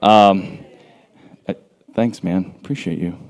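A man's voice: deep voice, fairly even intonation, takes it slowly, darkish tone. A man in his thirties speaking at a church, leading a prayer and then chatting in a loose, self-deprecating way with many fillers. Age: 30s. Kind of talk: prayer then casual sermon intro.

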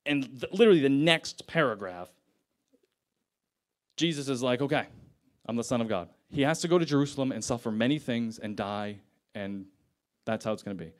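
A man's voice: mid-range voice, normal speed, pauses often. A young man preaching a sermon in a casual, conversational way, retelling scripture in everyday slang.

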